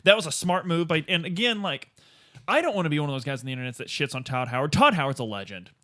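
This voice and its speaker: Male podcast co-host, somewhat high voice, animated and excitable casual talk. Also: fast. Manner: animated, excitable, laughs a lot. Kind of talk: casual chat.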